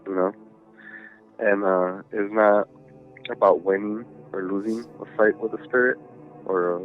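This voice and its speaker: A man's voice: lowish voice, steady tone, a little slow, faint music behind. A man telling a ghost story as a podcast guest, rambling and swearing with lots of fillers, over a tinny phone-like line. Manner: rambling, profane, many fillers. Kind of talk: casual storytelling.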